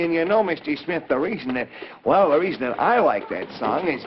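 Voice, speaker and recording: A man's voice: fairly high pitch, very animated, a little fast, a little hiss or hum. A man hosting a 1940s children's television show, hearty and coaxing as he calls out to the kids. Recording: dull old 1940s TV recording.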